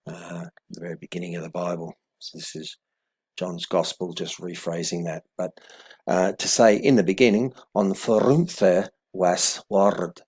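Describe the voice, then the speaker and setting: Husky low-voiced man teaching. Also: darkish tone. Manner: halting, many fillers and self-corrections. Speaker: language teacher. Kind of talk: explanatory video lesson.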